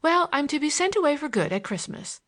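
Woman doing a cheeky young girl, mocking and breathless, voice jumping up high and all over. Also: big pitch swings, fairly bright tone. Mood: teasing. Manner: quick, mocking, breathless chatter. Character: playful teasing young woman, mocking schoolgirl. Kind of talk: audiobook character reading.

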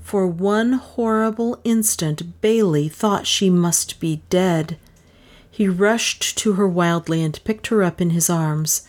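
A woman reading a novel aloud in measured, dramatic narration. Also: lowish voice, darkish tone. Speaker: audiobook narrator. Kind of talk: scripted narration.

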